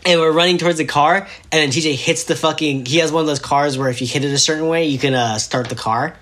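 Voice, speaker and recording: A man's voice: fairly high pitch, quick pace. Young man telling a wild story. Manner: animated, laughing, acts out quotes. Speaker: podcast guest. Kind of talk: casual storytelling.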